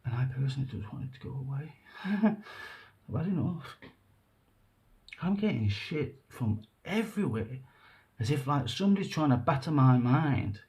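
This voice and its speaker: A man talking to camera in an emotional, rambling monologue, halting and earnest, breaking off and restarting. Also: mid-range voice, mellow. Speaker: vlogger.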